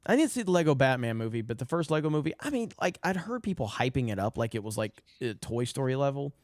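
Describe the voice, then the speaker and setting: Man, loud profane co-host, animated, dry close mic. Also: medium pitch, quick pace, no room sound. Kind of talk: casual live-stream banter.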